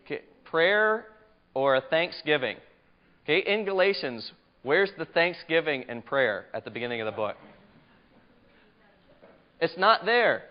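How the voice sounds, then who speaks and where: A man's voice: fairly high pitch, big pitch swings, measured pace, pauses often. A man teaching a Bible study lecture in a conversational, emphatic way, asking his class questions, on a muffled lo-fi recording.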